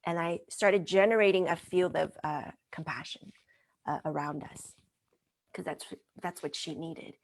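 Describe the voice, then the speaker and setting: Gentle, earnest woman telling a story. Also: on the low side, a little slow. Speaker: mind-body wellness trainer. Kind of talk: storytelling guest in an interview.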